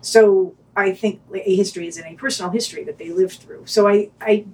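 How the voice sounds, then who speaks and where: A woman's voice: medium pitch, fairly even intonation, fairly quick, a little mellow, far from the mic, a little hiss or hum. A woman co-hosting a podcast, giving wry reviews and thinking aloud in a hesitant, restarting way. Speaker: podcast co-host. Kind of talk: podcast reviews and casual discussion.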